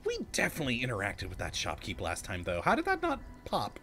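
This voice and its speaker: A man's voice: medium pitch, huge pitch swings, quick pace, pushed and bright, a little hiss or hum. A man hosting a let's-play video, chatting casually to himself and laughing often as he plays. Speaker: gaming channel host.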